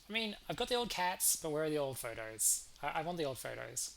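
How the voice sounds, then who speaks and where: A man chats loosely while playing a game, with hesitant, playful asides. His voice sits a touch high. Faint mouse clicks sound in the background. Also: big pitch swings, fairly quick, vocal fry, fairly bright tone, a little hiss or hum, rough recording. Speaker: game developer, let's play host. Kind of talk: casual let's play commentary.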